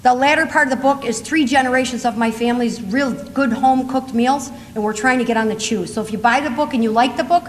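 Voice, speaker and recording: A middle-aged woman speaking at a conference, telling funny stories in a chatty, animated way and laughing often. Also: a little high, quick pace, hardly any pauses, slight background noise. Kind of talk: humorous storytelling talk to a live audience. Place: large conference hall. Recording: reverberant hall with faint ambience.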